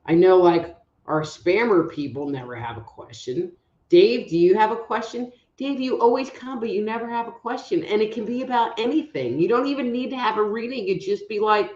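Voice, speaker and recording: A woman's voice: medium pitch, expressive, normal speed, darkish tone, dull audio. Chatty woman hosting a live show, roomy sound. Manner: chatty and rambling, calls out audience members by name. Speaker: psychic reader hosting a live online show. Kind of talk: casual live-stream chat.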